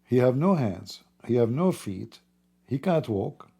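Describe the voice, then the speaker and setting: Guy on a late night stream, dark husky voice, mocking and laughing a lot. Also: mid-range voice, big pitch swings, measured pace. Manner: mocking, laughs often, broken grammar. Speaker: livestream host. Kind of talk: casual late-night livestream talk.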